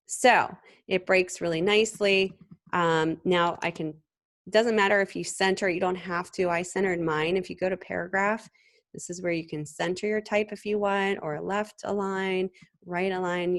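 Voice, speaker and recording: A woman teaching a design class in a screen-recorded software tutorial, talking in a relaxed, conversational way with frequent ums and restarts. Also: fairly low pitch, normal speed. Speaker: design instructor.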